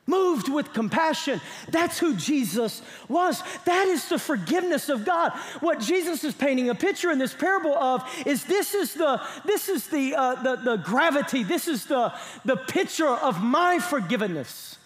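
A pastor with a strikingly high voice preaches emphatically, firing rhetorical questions at his congregation. His words ring out with a long reverb, as if recorded in a large church sanctuary. He drives each point home with insistent force. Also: big pitch swings, moderate pace, few pauses, fairly bright tone. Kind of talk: sermon.

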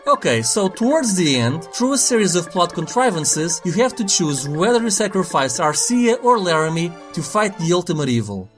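A young adult man reading a scripted video game review, blunt and sarcastic and swearing for emphasis. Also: on the high side. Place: voice-over over game footage.

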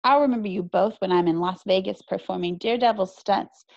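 A woman's voice: mid-range voice, a little fast, vocal fry, close to an everyday voice. A woman voicing a boastful boy who brags about his stunts. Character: boastful boy, show-off daredevil. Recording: dry, slightly muffled recording.

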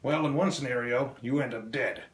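A man doing a crude stand-up comedy set, delivering deadpan one-liners on a small club stage. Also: mid-range voice, normal speed. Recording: echoey room with faint ambience.

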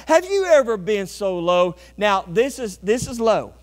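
A man preaching in a church with a very high voice, folksy and animated. He keeps tossing questions out to the congregation. A low electrical hum runs under the whole recording. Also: unhurried. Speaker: pastor. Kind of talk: sermon. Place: church sanctuary.

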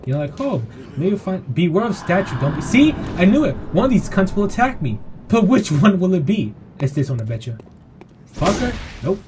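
A man giving profane, jumpy commentary while playing a video game, swinging between yelling outbursts and self-mocking jokes. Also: high voice, very animated, moderate pace, noisy background. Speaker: gameplay streamer. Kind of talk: live gameplay commentary.

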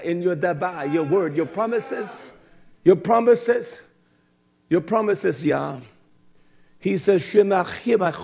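A man preaching a sermon, quoting and expounding scripture, swinging from shouted high exclamations to low murmurs. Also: creaky, lo-fi sound. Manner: quotes and expounds scripture, drawn-out emphatic words.

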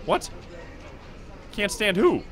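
A man's voice: high-pitched, slow pace, a crowd in the background. A young man commentating a horror game as he plays it, reading the dialogue aloud and yelping at the jump scares. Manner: jumpy, excitable, yelps at scares. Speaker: gameplay commentator.

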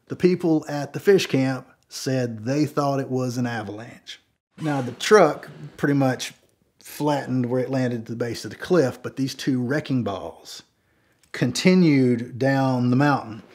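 A man with a husky, slightly rough voice spins a casual yarn at an ordinary pitch. He rambles along, filling pauses with "you know" as he goes. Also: a little mellow. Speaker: storyteller. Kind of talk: casual spoken storytelling.

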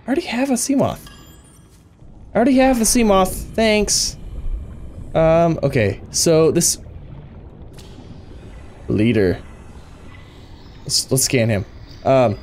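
A man giving excitable let's play commentary, thinking aloud and gasping at each new find. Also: mid-range voice, a little slow, long pauses, a little hiss or hum. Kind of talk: gameplay commentary.

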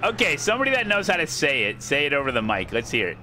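American man, sim racing streamer, bright and animated, jokey live commentary. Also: on the high side, fast, a little hiss or hum. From United States. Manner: joking, chatty, thanks viewers mid-race. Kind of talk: casual gameplay commentary.

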